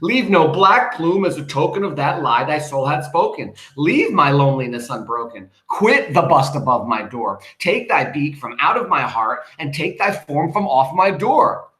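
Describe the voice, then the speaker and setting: A desperate, half-mad mourner cries out at a bird, high-pitched and loud, begging and railing in a heightened theatrical recitation, as a teacher puts him on. The voice rings in an echoey room. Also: male voice, fairly even intonation, a little slow. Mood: pleading, frantic. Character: grief-crazed man pleading with a raven.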